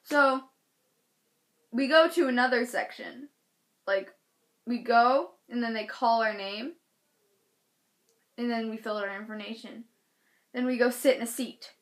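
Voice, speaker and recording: Young woman rambling through a storytime, bright sharp voice, says like a lot. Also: fairly high pitch, measured pace, pauses often. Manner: chatty, lots of filler "like". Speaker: vlogger. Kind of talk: casual storytime.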